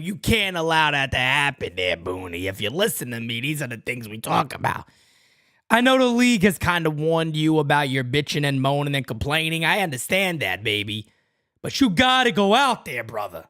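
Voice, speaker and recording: A man hosting a sports talk podcast, ranting in an animated, profane way that swings from loud outbursts to low asides. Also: a little fast, no room sound, studio quality. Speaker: podcast host. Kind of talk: casual sports talk rant.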